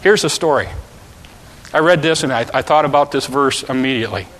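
A man preaching a sermon, telling a story with volunteers and shouting out the characters' calls. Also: medium pitch, fairly quick. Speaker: pastor. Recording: long hall reverb.

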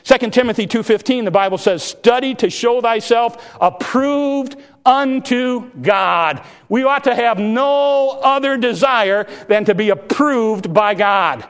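A man's voice: fairly bright tone, smooth. A man preaching a sermon, folksy and impassioned, acting out Bible stories in plain talk. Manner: impassioned, pitch rising when exhorting; acts out Bible dialogue in folksy speech.

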